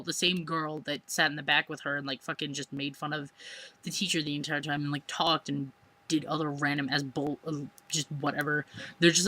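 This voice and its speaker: A man's voice: a little high, bright, forceful tone. A teenage man ranting exasperatedly in a vlog, swearing and saying "like" constantly. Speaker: vlogger.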